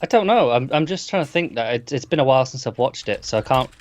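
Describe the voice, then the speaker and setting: A man co-hosting a casual movie discussion, relaxed and agreeable with dry quips. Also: medium pitch, fast talker. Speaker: podcast co-host. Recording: slightly dull, dry sound.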